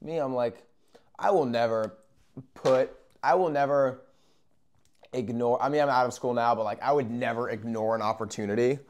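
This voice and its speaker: A young man telling a story in a casual, profane, animated way, with sudden loud bursts and quiet asides. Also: mid-range voice, moderate pace. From Arizona. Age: young adult.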